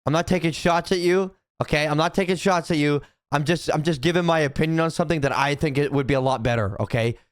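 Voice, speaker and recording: A man's voice: a little high, fast, hardly any pauses, dry recording, clean studio sound. A young man streaming, chatting casually to his chat, rambling and swearing, with lots of restarts and repeated "right?".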